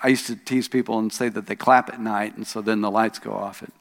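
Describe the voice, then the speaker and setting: A man pastor preaching a sermon, telling a story with rising emphasis on key lines and soft asides. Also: on the low side, steady tone, brisk. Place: church sanctuary. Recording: long hall reverb.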